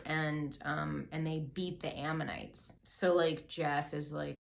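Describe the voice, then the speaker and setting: A woman with a low voice and a gravelly, fry-filled edge tells an old story as loose, profane comedy. She keeps stuffing "like" into her sentences and sounds a little out of breath between bits. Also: steady tone, unhurried, few pauses. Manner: irreverent, profane, lots of "like" fillers. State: a bit out of breath, drinking wine. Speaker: comedy podcast host. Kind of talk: comic casual storytelling.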